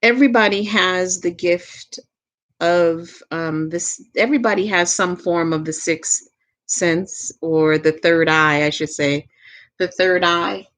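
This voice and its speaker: A woman with a Southern US accent giving a live tarot reading as a medium, gentle and unhurried, repeating her phrases and laughing softly now and then. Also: fairly low pitch.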